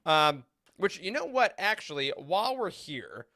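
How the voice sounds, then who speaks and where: A man hosting a casual podcast roundtable, enthusiastic, laughing often and throwing in animated asides. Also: fairly high pitch, measured pace, no echo, clean studio sound. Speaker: podcast host.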